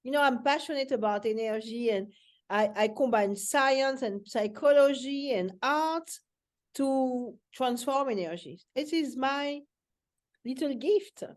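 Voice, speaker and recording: Slow-spoken earnest woman life coach. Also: high voice. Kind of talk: casual coaching chat.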